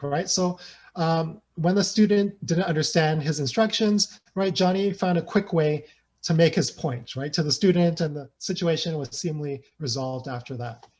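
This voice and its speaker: A man's voice: on the high side, moderate pace, darkish tone. A man giving an academic lecture at an online seminar, thinking aloud and often checking in with "right?" and "you know". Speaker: sociolinguistics researcher presenting a talk.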